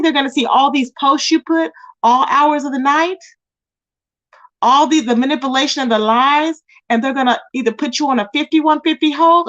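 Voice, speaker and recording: Her voice sits high and a bit bright as she hosts her own commentary channel, ranting at someone and scolding them directly. She's confrontational, repeating the target's name throughout, and the recording is dull and lo-fi.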